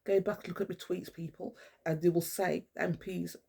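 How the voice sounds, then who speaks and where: A woman's voice: fairly low pitch, level tone, a little fast, creaky, warm tone, breathy edge. A woman, talking to the camera in a blunt, rambling monologue full of swearing. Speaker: vlogger. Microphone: camera mic.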